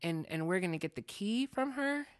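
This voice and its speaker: A woman co-hosting a podcast, talking in a chatty, animated way with plenty of "like" and "you know". Her voice sits at a medium pitch and is recorded very dry and close. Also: normal speed, dry recording. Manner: chatty, animated, many fillers. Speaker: podcast co-host. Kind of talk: casual chat, retelling a story.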